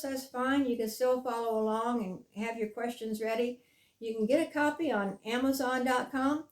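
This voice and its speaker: A middle-aged woman giving an earnest motivational talk as a mindfulness coach, stressing key phrases slowly. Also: on the high side, darkish tone. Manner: earnest, emphatic, with slow deliberate stresses.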